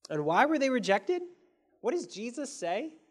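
A man preaching a sermon as pastor, earnest, asking his listeners questions and swinging between soft and emphatic delivery. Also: extremely high pitch, sing-song, normal speed. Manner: asks the audience many questions.

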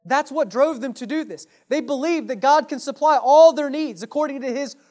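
A man's voice: very high voice, normal speed, darkish tone. A man preaching an earnest sermon as a pastor, putting rhetorical questions to his congregation and addressing them casually and directly. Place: church.

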